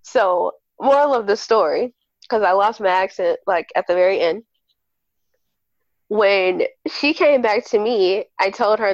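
A woman's voice: medium pitch, unhurried, no room sound, highs cut off. A woman guest on a podcast telling a personal story candidly and animatedly, acting out what people said. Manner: candid, animated, acts out quoted dialogue. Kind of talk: casual storytelling chat.

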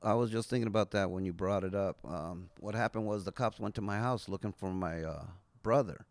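A man's voice: fairly low pitch, brisk, no echo. A man from Venice, Los Angeles, telling a story as a guest on a casual podcast, laid-back and swearing easily.

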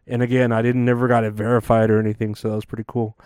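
A man's voice: mid-range voice, flat delivery, racing, a little mellow, smooth, no echo, studio quality. A man hosting a comedic news monologue, rambling and crude with plenty of fillers and restarts. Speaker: comedy show host.

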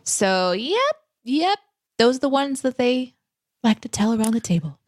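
A woman co-hosting a casual livestream chat, reading viewer questions and telling lively stories. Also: a little high, a little slow, dry recording, clean studio sound.

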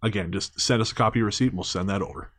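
A man's voice: lowish voice, racing, a bit bright. A man co-hosting a podcast, reading sponsor notes and chatting in a rambling, self-mocking way with frequent laughter. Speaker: podcast co-host. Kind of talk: casual podcast banter.

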